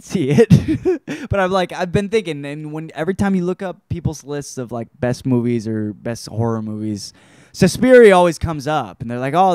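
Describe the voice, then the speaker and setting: Rambling, profane young man with a lively voice. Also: medium pitch, no echo, clean studio sound. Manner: rambling, profane, loud outbursts. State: drinking beer, tired. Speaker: host. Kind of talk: casual solo talk show.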